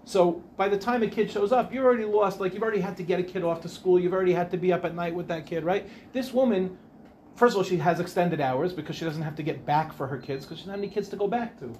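A man's voice: high-pitched, fast talker, a little mellow, a little hiss or hum. A man, a rabbi, giving an informal Torah class, chatty and rambling, often breaking off to ask the audience questions. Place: Ramat Beit Shemesh.

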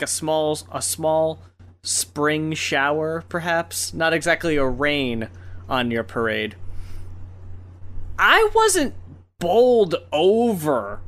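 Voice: mid-range voice, fairly bright tone. A podcast co-host in casual chat, playful and wordy, with mock-formal asides.

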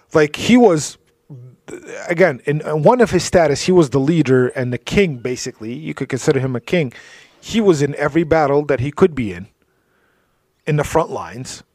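Man, mid-pitched, giving a storytelling religious talk, dry close sound, drops into quiet asides. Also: no echo. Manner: storytelling, drops to soft asides, frequent "you know". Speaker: Islamic speaker.

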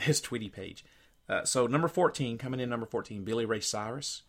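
An American man co-hosts a radio podcast, chatting casually and rambling a little while reading quotes aloud from his notes. His voice is mid-range and brisk.

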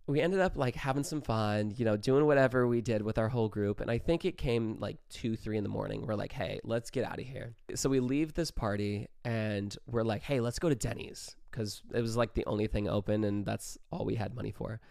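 A man's voice: on the low side, a little fast, gravelly, hardly any pauses, no echo, clean studio sound. Casual young man telling a party story. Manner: profane, animated, quotes everyone in his own voice. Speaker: podcast host.

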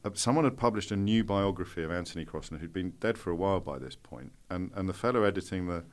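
A middle-aged man from Britain recounts his stories with lively energy, restarting sentences and laughing as he goes. His voice sits a little low, and he talks in an easy, conversational interview manner. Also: fast. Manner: animated storyteller, bursts of laughter, restarts. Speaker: guest. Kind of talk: casual anecdotal interview.

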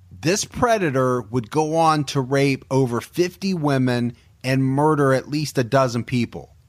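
This is a man narrating true crime from a script in a measured, grave voice, pitched a little above the usual. The sound is dry and close, with no room around it. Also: dry recording. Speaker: podcast host.

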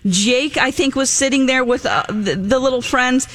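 A woman co-hosting a morning radio show, telling an animated story and laughing as she talks. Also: high-pitched, normal speed, no echo. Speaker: radio co-host. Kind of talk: casual radio banter, ranting story.

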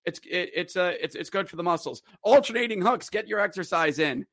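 Male podcast host, higher voice, dry close-mic sound, excitable hockey recap full of jokes and shouts. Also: brisk, creaky, dry recording. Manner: excitable, jokey, acts out players' voices with sudden loud shouts. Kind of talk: animated solo sports recap.

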